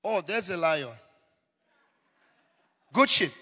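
A man preaching a sermon in a dramatic style, acting out scenes and building to shouted refrains. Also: high-pitched, lively intonation, slow. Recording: long hall reverb.

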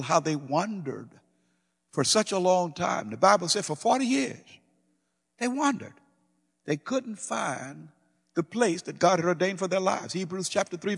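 A man preaching a sermon, emphatic and repetitive, swinging from loud declarations to hushed pleading. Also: high voice, in a large hall.

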